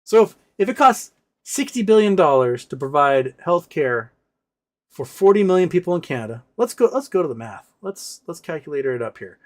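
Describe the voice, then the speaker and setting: A man's voice: fairly high pitch, sing-song, moderate pace. A man in his forties from the United States hosting a livestream, casually ranting with sarcasm and reading chat questions aloud. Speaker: livestream host.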